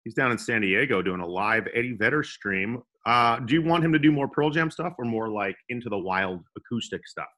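A man's voice: mid-range voice, lively intonation, a little fast, hardly any pauses, pushed and bright. A young man co-hosting a comedy podcast, joking around and slipping into silly voices. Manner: goofy, puts on silly voices. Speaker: podcast co-host.

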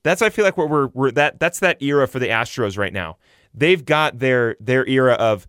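A man's voice: medium pitch, lively intonation, moderate pace, fairly bright tone, clear, resonant tone, no room sound, clean studio sound. A young man giving casual baseball commentary on his own show, rambling with frequent fillers and self-corrections. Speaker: sports podcaster.

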